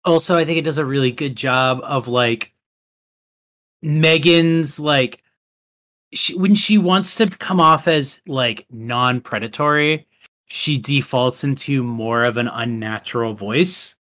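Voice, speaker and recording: A man's voice: mid-range voice, takes it slowly, a bit bright. A man co-hosting a podcast, chatting casually about a film in a rambling way with many fillers. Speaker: podcast co-host. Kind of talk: casual chat.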